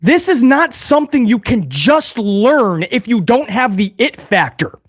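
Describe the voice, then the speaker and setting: Animated man giving blunt wrestling opinions. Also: very high voice, a little slow, husky, no echo, clean studio sound. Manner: blunt, animated, addresses viewers as guys. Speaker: wrestling news channel host. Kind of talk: casual opinionated commentary to viewers.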